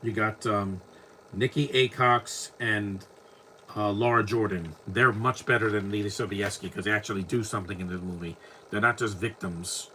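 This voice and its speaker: A man's voice: on the low side, fairly even intonation, normal speed, sharp tone, slight background noise. A man giving casual live movie commentary at home, rambling with frequent restarts and self-corrections. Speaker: film commentator.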